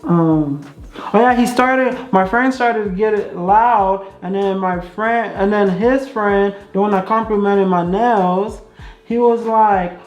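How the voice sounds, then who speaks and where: Slow-talking young woman telling a story. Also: medium pitch, darkish tone. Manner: chatty, repetitive, many fillers. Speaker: vlogger. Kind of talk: casual storytime. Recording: echoey room, dull sound, faint music.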